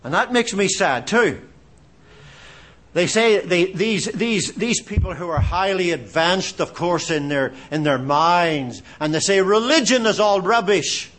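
A man's voice: sits high, expressive, a little slow, fairly bright tone. A man from Canada preaching a sermon, impassioned, asking rhetorical questions and repeating phrases for emphasis.

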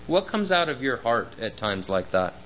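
A man's voice: medium pitch, very animated, moderate pace, lo-fi sound, a little hiss or hum. A man preaching a sermon in an earnest, personal way, with frequent fillers and repeated words.

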